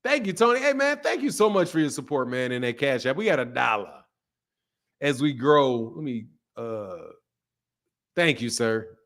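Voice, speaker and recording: A man's voice: medium pitch, sing-song, normal speed, fairly bright tone. A man hosting a live stream in loose, casual chat, joking, laughing often and answering viewers' comments.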